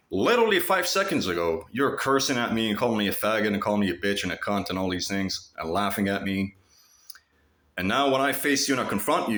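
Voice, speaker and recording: Male vlogger, low voice, animated storyteller who swears freely, echoey room. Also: fairly quick. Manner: profane, animated, mimics others mockingly. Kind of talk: casual storytelling monologue.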